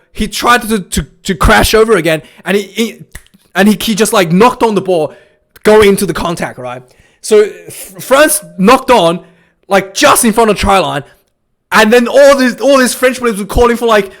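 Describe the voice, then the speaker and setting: Man, high voice, casual match recap, rambling, lots of restarts. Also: a bit bright. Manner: rambling, many restarts and fillers, laughs while retelling. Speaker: rugby fan reviewer.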